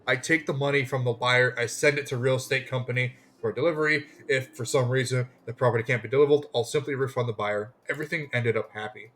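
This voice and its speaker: A man reading out a scheming woman property agent from a game, all smooth sales talk and big claims. The voice sits in a middling register and stays plain, as if read straight off the screen. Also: medium pitch, fairly even intonation, fast, hardly any pauses, fairly bright tone, a little hiss or hum, close to an everyday voice. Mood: salesy. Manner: plain read-aloud, no put-on voice.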